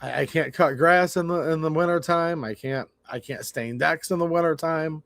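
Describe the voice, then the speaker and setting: Brief: man in his forties, high voice, dry close sound, casual livestream rant, stammers and rambles. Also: normal speed, vocal fry, fairly bright tone, no room sound. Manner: rambling, stammering, frustrated and blunt. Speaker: livestream host.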